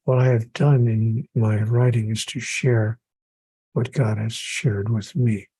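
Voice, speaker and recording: Gravelly-voiced man speaking earnestly. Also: medium pitch, fairly even intonation, slow, warm tone, no room sound, low-quality recording. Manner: earnest, builds points through repetition. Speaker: author and podcast guest. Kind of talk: spiritual conversation on a podcast.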